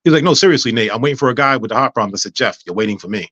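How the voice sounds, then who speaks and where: A man telling a personal story in casual chat, animated, acting out dialogue with frequent stammers and restarts. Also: mid-range voice, racing, breathy edge, no echo, dull audio. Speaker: guest.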